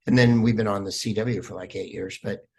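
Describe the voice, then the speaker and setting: A man, a comedian guest on a podcast, telling stories in a lively, rambling way with plenty of fillers. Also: on the low side, a little fast, slightly rough. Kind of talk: casual podcast interview.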